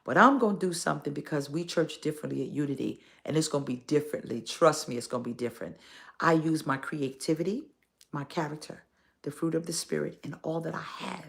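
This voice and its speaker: A woman's voice: low-pitched, brisk, gravelly. A woman pastor, giving playful, exhorting church announcements on a phone live stream and dropping into whispers now and then.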